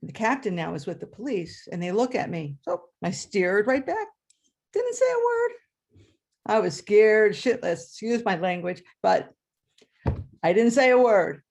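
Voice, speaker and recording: A woman who was a third grade teacher, telling a personal story live to an audience with dramatic pitch leaps. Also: sing-song, a little slow, darkish tone. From New York area. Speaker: storyteller, retired-style schoolteacher.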